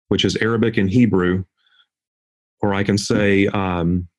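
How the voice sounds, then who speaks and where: A man speaking as an interview guest and corporate trainer, a confident and animated storyteller. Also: sits low, normal speed.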